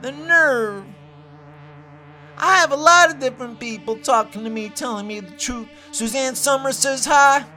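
A woman hosting her own show, delivering a rambling, excitable comedic rant and repeating herself. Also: sits high, moderate pace, faint music behind. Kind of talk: comedic ranting monologue.

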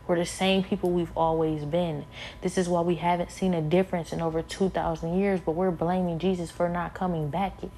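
Tired woman preaching, lowish mellow voice, keeps hammering the same point and then pushes it louder. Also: little pitch movement, a little fast, slight background noise. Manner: emphatic, repetitive, rising to forceful peaks. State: weary. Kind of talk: impassioned spoken sermon.

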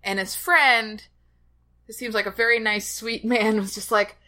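A woman's voice: a little high, measured pace. A young woman co-hosting a podcast, telling funny stories in casual chat and laughing often. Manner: laughing storyteller, animated. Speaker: podcast co-host.

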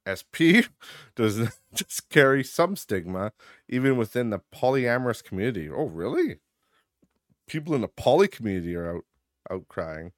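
A man hosting a casual solo podcast, sarcastic and profane, laughing at his own jokes and getting loud and high when he rants. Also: no room sound, clean studio sound. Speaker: podcast host.

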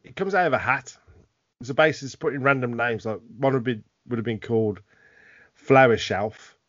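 A man's voice: mid-range voice, moderate pace, fairly bright tone, no room sound, highs cut off. A British man co-hosting a podcast, chatting drunkenly, laughing often and swearing. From Britain. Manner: laughs a lot, swears, loose mock-Cockney banter. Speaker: podcast co-host. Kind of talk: drunken casual chat.

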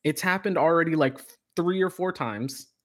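A man co-hosts a podcast, his voice a little high and his speed normal. He's an animated storyteller, chatting casually with plenty of energy and heavy swearing.

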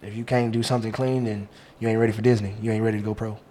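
Fast-talking young comic. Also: male voice, lowish voice, level tone, warm tone, slight background noise. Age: 20s. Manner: boastful, joking, slangy, lots of "you know". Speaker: stand-up comedian guest. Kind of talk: casual podcast chat.

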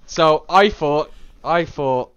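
A man co-hosting a casual film review chat, blunt and animated, acting out what characters say. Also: fairly high pitch, takes it slowly, smooth. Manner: blunt, animated, acts out quotes. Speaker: podcast co-host reviewing a film. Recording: dull lo-fi sound.

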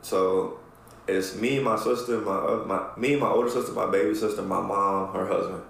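A man on a podcast telling a long, profane story in a casual, animated way, acting out what people said. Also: lowish voice, normal speed, creaky, slight background noise. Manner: animated, profane storyteller who acts out quotes. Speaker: podcast co-host. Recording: echoey room with faint ambience.

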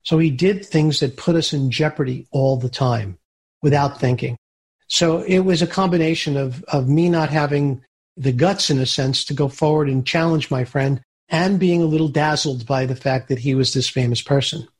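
A male entrepreneur gives an interview, telling his business stories in a lively, animated way. His voice sits fairly high and has a husky grain. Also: moderate pace. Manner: animated storyteller who acts out quoted voices. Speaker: guest, entrepreneur. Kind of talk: storytelling interview answers.

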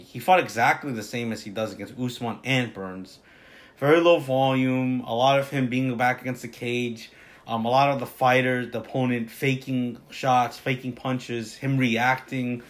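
A man's voice: mid-range voice, fairly bright tone. Opinionated man rambling through a fight breakdown. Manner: rambling, opinionated, many fillers and restarts. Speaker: MMA fight analyst. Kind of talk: casual fight breakdown monologue.

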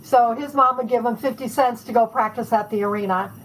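A woman author telling lively anecdotes in a casual interview, chatting and laughing as she goes. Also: on the high side, brisk, a little hiss or hum, low-quality recording.

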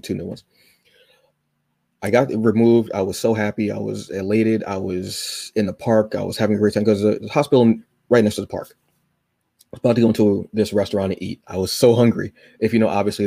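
A man's voice: lowish voice, creaky, warm tone, slightly rough, dry recording. A man hosting a podcast, chatting casually and emotionally, rambling with many restarts and fillers. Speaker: podcast host. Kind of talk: casual chat.

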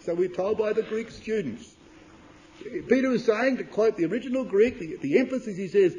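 High-voiced male preacher, emphatic declamation with quiet drops, reads King James scripture. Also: sing-song, normal speed, dull audio. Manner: emphatic, rising to loud declamation then dropping low; addresses listeners as brothers and sisters. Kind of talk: sermon.

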